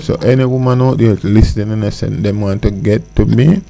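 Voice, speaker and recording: Jamaican man with a gravelly, dark voice. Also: on the low side, fairly even intonation, fairly quick, slight background noise. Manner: laughs while telling a story. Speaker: studio guest. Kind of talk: casual radio chat. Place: radio studio. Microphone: studio mic.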